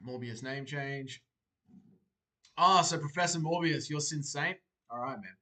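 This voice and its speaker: A young man hosting a livestream, reading viewers' comments aloud and answering them in a relaxed, chatty way. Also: a little high, slow pace, pauses often. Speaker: livestream host. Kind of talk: casual chat reacting to live chat.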